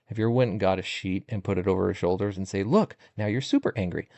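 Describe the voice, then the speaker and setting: A middle-aged man, a podcast guest, chatting casually and telling jokey stories with sudden animated jumps in pitch. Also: fast, creaky, no echo. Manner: jokey, animated storytelling with bursts of higher pitch. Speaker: podcast guest, content creator. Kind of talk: casual interview chat.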